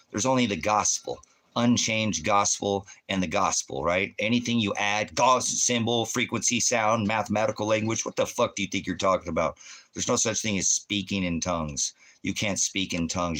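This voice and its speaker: Man, livestream rant, scornful, loud, combative, forceful tone. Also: lowish voice. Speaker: ministry host reading viewer comments.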